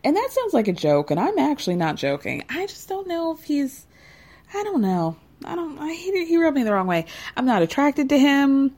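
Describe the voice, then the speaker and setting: A woman host chatting casually and wryly, with big leaps in pitch when she makes a point. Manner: chatty, wry, animated with big pitch jumps. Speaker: podcast host recapping reality TV. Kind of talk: casual chat.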